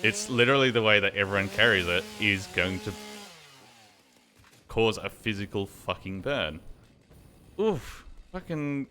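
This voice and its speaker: A man's voice: on the low side, animated, a little slow, long pauses, bright, forceful tone, a little hiss or hum. A young man streaming a game, chatting casually and telling a rambling story with lots of fillers and swearing. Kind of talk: casual chat while gaming.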